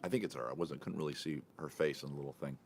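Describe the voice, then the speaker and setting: A man's voice: rumbling low, fast, slight background noise. A man hosting his own podcast, telling a casual story in a chatty, rambling way and often correcting himself mid-sentence. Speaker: podcast host.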